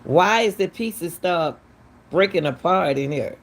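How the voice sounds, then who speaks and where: On the low side with lively intonation and a slightly slow delivery, a commentary channel host covers true crime casually. Her emphatic talk is full of repeated, incredulous questions, and a little hiss or hum can be heard.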